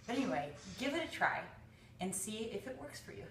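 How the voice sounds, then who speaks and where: A woman leads a yoga tutorial in an encouraging, step-by-step way. She sits back from the mic, so her voice comes across a bit distant. The room adds a clear echo around it. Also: fairly high pitch, very animated, fairly quick, slight background noise. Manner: encouraging, talks the viewer step by step through a pose. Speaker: yoga instructor.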